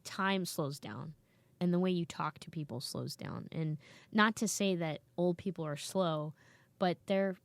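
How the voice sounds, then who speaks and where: A woman comedian in her thirties talks casually on a podcast, telling animated stories. Her voice sits a little low. The sound is dry and close, with no room echo. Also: unhurried. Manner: animated storyteller, acts out quoted voices. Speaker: comedian guest.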